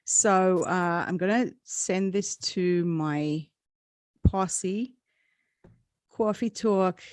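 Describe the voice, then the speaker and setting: A woman's voice: on the low side, drawn-out words, darkish tone, no echo, clean studio sound. A woman hosting a casual live-stream chat, rambling and laughing often. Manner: chatty, rambling, laughs a lot. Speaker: host.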